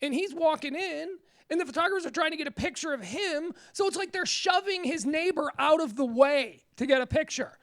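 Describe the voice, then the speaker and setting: A woman hosting a talk radio show, chatting casually and telling a story with lively acted-out quotes. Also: high-pitched, a little fast, few pauses, no room sound. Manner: animated storyteller, acts out quotes.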